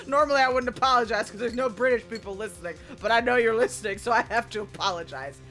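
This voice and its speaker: A woman's voice: on the high side, quick pace, fairly bright tone, soft background music. Giggly young woman streamer. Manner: giggly and chatty. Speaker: gaming streamer. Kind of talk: casual let's-play commentary.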